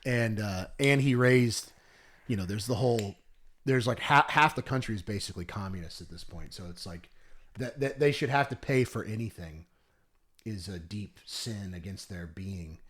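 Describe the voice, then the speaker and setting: A man's voice: lowish voice, normal speed, a bit bright. A young man co-hosting a podcast in casual chat, telling stories in a rambling way and often correcting himself. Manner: rambling, self-correcting storyteller. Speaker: podcast co-host.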